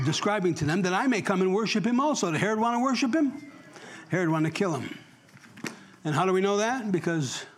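Husky high-voiced male pastor preaching. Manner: conversational, asks the congregation questions, jokes. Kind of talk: sermon with audience questions. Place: church.

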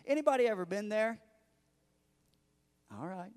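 Brief: middle-aged male pastor, sermon storytelling, lively and chatty with the congregation, medium pitch. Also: moderate pace, in a large hall. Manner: animated, conversational, addresses the congregation directly.

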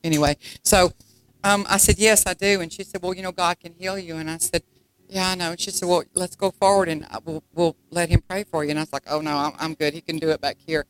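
A middle-aged woman, from Texas, telling her testimony in a sermon with shouts of praise. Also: lowish voice, steady tone, fast, clean tone, low-quality recording. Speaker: preacher giving testimony.

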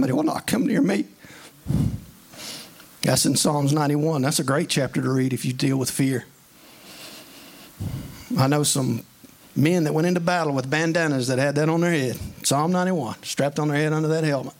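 A man preaching a sermon in an earnest, conversational way, mixing scripture with plain everyday stories. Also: a little high.

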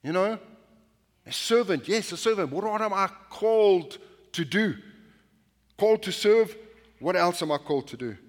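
A man's voice: sits high, expressive, normal speed, pauses often, big-room sound. A male pastor preaching a sermon in a conversational, anecdotal way, often restarting his sentences. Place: church sanctuary.

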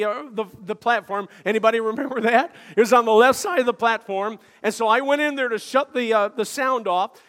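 An older male pastor preaching a sermon, telling stories with frequent "uh" fillers and building to shouted emphasis. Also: very high-pitched. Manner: storytelling preacher with many "uh" fillers, rising to shouts. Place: church sanctuary. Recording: long hall reverb.

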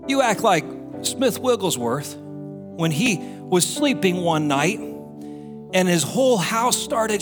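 A man preaching a sermon as pastor, animated and acting out the quotes he tells. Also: high voice. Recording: roomy hall with music behind.

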